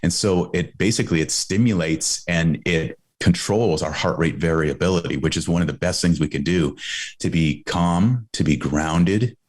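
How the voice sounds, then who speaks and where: A man's voice: low voice, moderate pace. A middle-aged man, a guest on a podcast, earnestly explaining a coaching idea with frequent restarts. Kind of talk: conversational interview answer.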